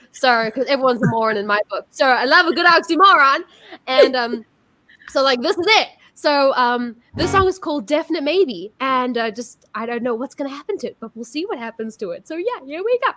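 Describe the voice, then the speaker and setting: A South African woman hosts a relaxed live-stream music show, talking in a bubbly, gushing way full of fillers. Her voice sits high and rings bright. She comes across as chatty and excitable. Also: fairly quick. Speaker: host. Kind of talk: casual live-stream chat.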